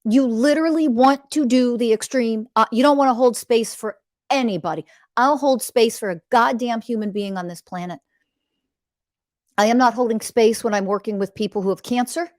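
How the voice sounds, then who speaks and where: A woman's voice: fairly high pitch, normal speed, a little mellow, no room sound, studio quality. A woman hosting a spiritual podcast, giving an impassioned, blunt teaching monologue that repeats phrases like mantras and swears for emphasis.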